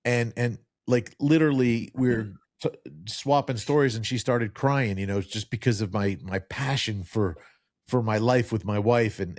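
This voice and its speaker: A talkative man in his fifties with a faint New Jersey accent, hosting a relaxed podcast chat at an ordinary pitch. He rambles through stories and restarts his sentences often. The sound is close and dry, with no room in it. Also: dry recording. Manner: rambling storyteller, many restarts. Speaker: podcast host. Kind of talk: casual interview chat.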